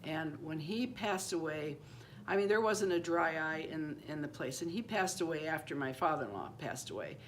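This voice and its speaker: An older woman in her seventies with a somewhat low voice tells a personal story at her own loose pace. She rambles, doubles back and repeats phrases, and when she quotes someone she slips into their voice, going high for a child. A faint hiss sits under the recording. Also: animated, normal speed. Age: 70s. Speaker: channel host.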